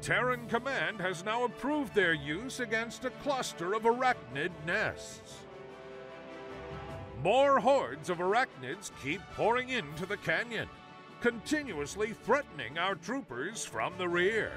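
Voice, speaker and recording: An actor playing a stern male military announcer who briefs missions in a game, in a formal, measured delivery. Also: sits high, very animated. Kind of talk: scripted game narration. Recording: game audio with music behind.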